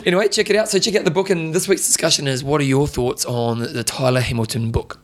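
A man's voice: on the high side, quick pace. A man co-hosting a casual podcast chat, upbeat and teasing his co-host.

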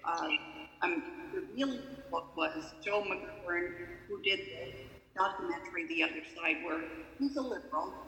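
A woman's voice: fairly low pitch, animated, normal speed, bright, forceful tone. A woman, an author, being interviewed. She talks in a thoughtful way and repeats words while she searches for them. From United States. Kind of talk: interview conversation. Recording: echoey room with long reverb, faint noise.

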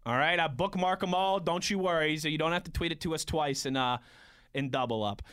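A man's voice: fairly high pitch, brisk, a bit bright, clean tone. A man in his thirties co-hosting a sports radio show, chatting casually and reading out listener tweets. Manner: easygoing, reads out listener tweets. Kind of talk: casual sports talk chat. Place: radio studio.

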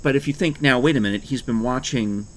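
A man's voice: medium pitch, fast talker, fairly bright tone. A man hosting a casual chat, teasing and playful.

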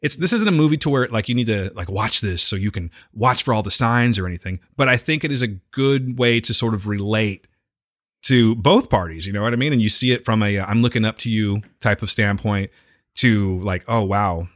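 A man's voice: fairly low pitch, a little fast, fairly bright tone, dry recording, clean studio sound. A man co-hosting a casual podcast, reviewing movies in an enthusiastic, rambling way and saying "like" a lot. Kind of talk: casual chat.

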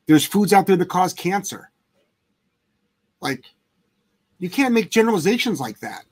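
A man's voice: high voice, sing-song, moderate pace, breathy edge. A man hosting a casual live chat as a dog trainer, talking bluntly and emphatically with plenty of swearing. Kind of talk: casual livestream chat answering viewer questions.

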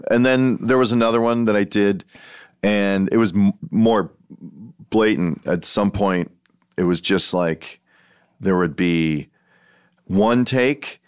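A man's voice: low voice, smooth, no room sound, studio quality. A man, an actor, chatting casually and rambling through his stories with plenty of "like" and hesitations. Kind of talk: casual conversation.

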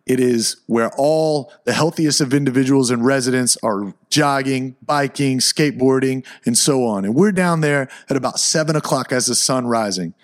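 A man telling a personal story in a casual, animated way, dropping into low asides and rising into excited bursts.

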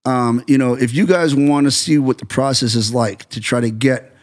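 A man's voice: medium pitch, normal speed. A middle-aged American man, a stuntman turned director, telling stories in a casual podcast chat and acting out quotes. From United States. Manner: animated storyteller, acts out quotes.

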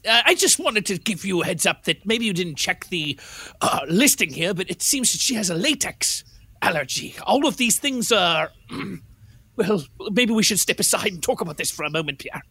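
A fussy, nervous assistant, played by a man, stumbling over ums and uhs. His voice is bright and somewhat husky, recorded dry and close. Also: sits high, lively intonation, normal speed, no echo, heavily acted. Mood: worried. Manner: hesitant, full of ums and uhs.

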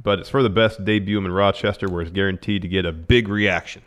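A man's voice: low voice, steady tone, fast talker, fairly bright tone. A man co-hosting a podcast in casual chat, dry and laid-back, reading quoted reports. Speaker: podcast co-host.

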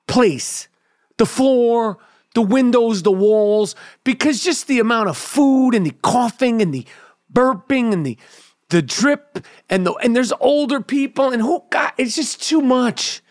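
A man's voice: extremely high pitch, no room sound, studio quality. A man hosting a podcast, telling a rambling, profane, comedic story in casual chat. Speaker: podcast host.

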